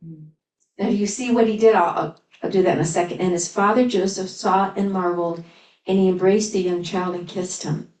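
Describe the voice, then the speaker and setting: A woman's voice: medium pitch, a little fast, darkish tone. A woman teaching at a spiritual service, reading old scripture aloud and breaking in with chatty, amused asides. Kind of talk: sermon reading scripture with commentary. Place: spiritual center service room. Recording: echoey room, voice from far off.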